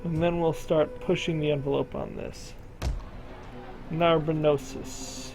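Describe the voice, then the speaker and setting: A man's voice: fairly high pitch, level tone, takes it slowly, gravelly, music in the background, poor audio. A man casually commentating a strategy game, thinking aloud and talking to the game's regions as if they were people. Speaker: gameplay commentator.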